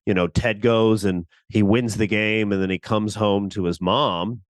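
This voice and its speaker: Low-voiced man, animated podcast co-host. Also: a little slow, no echo. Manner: animated, acts out quotes, laughs easily. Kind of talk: casual discussion of a TV show.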